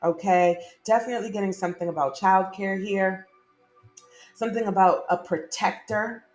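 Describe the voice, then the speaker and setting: Woman, tarot reader, chatty, enthusiastic, lots of fillers, mid-pitched voice. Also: normal speed, a little mellow, soft background music. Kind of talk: monthly tarot reading to camera.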